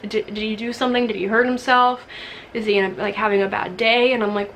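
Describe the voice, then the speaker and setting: A young woman vlogger telling a personal story, emotional and rambling, acting out what she said in a higher voice. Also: fairly even intonation, fast talker, creaky, fairly bright tone, a little hiss or hum, poor audio. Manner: emotional, rambling, acts out quoted dialogue with higher voice.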